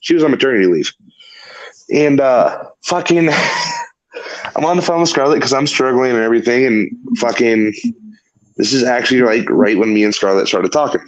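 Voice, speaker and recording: Guy rambling thru a story on his show, swears a ton, middle pitch. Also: moderate pace, long pauses, rough recording. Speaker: podcast host. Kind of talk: casual storytelling chat.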